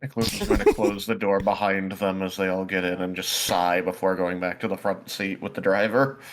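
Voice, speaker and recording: A man's voice: low voice, level tone, fairly quick, faint music behind. A man playing a tabletop game, dropping dry, wry asides.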